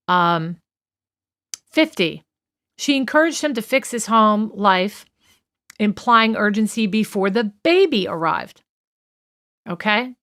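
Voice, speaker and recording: Woman doing true crime podcast chat, opinionated, lots of um and you know, mid pitch. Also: a bit bright. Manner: chatty, opinionated, lots of fillers and asides. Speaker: podcast co-host.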